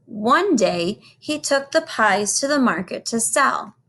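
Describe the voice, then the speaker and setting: A woman teacher reading a storybook aloud to children, slow and expressive. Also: fairly high pitch.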